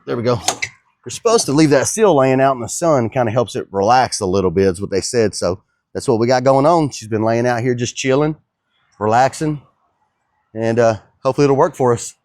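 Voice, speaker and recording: A man's voice: mid-range voice, a little mellow. A man talking casually to viewers while working on a truck in his home garage, joking as he goes. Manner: joking, laid-back, talks to viewers as guys. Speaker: DIY truck builder. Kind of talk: casual how-to vlog.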